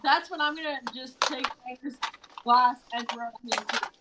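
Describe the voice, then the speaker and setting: A woman's voice: high voice, normal speed, heavy background noise. A woman playing a tabletop game, talking casually and bluntly with plenty of swearing. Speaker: player.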